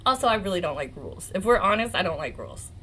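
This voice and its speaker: An excitable American woman in her forties hosts a casual legal commentary livestream. Her pitch swings widely as she gushes, swears and laughs. A faint hiss sits under her voice. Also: quick pace, rough recording. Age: 40s. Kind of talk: casual live-stream commentary.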